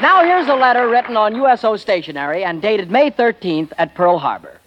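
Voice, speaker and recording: A man hosting a 1940s radio variety show with quick, punning, energetic patter. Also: sits high, a faint crowd, a little hiss or hum. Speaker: master of ceremonies. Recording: lo-fi 1940s radio broadcast with faint audience.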